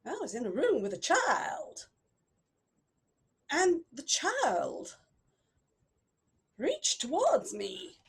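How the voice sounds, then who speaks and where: High, dramatic woman storyteller. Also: wildly swooping pitch. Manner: dramatic, slow, with long pauses. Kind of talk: improvised live storytelling.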